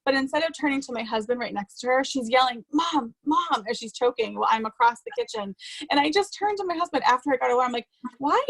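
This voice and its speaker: A woman's voice: high-pitched, racing, gravelly, low-quality recording. A woman in her thirties hosting a video call interview, encouraging and affirming as she chats with her guest. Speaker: interviewer, parent coach.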